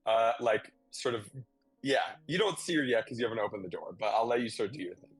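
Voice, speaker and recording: A man narrating a tabletop game as game master, halting and thinking aloud. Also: medium pitch, lively intonation, husky, dry recording.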